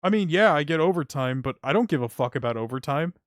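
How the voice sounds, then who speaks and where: Young guy ranting on stream, kinda high voice, cursing a lot, dry mic. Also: animated, fast, no echo. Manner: heated, swearing, frustrated venting. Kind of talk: casual stream rant.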